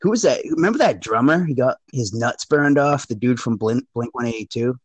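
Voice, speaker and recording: A man co-hosting a casual chat, joking and swearing in an animated way. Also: mid-range voice, a little fast, breathy edge, dry recording, low-quality recording.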